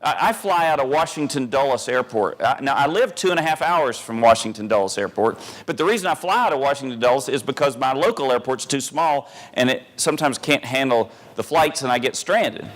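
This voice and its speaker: A man telling a self-mocking comic story on stage, animated and full of pauses and restarts. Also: medium pitch. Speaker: humorous keynote speaker.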